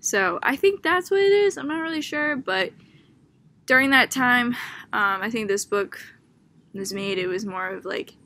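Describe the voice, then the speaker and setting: A young woman from Boston, Massachusetts, with a Boston accent, has a fairly high, pushed, bright voice, lively intonation, and a measured pace. The student talks casually about a book she read, chatty and full of "like" and "um," often laughing in amusement.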